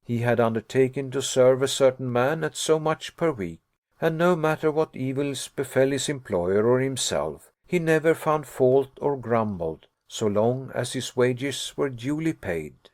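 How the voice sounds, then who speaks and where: A man narrating an audiobook in a measured, formal reading manner. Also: medium pitch, expressive, a little mellow, dry recording, clean studio sound.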